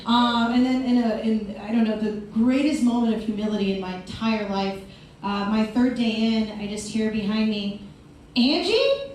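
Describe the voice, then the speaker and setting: High-voiced woman doing stand-up in an echoey hall. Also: steady tone, normal speed, a little mellow, slight background noise. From Youngstown, Ohio, USA. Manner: loose storytelling peppered with "like" and "um", blunt swearing. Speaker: stand-up comedian. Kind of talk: stand-up comedy set. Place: live comedy venue stage. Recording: very echoey room, distant mic, faint crowd ambience.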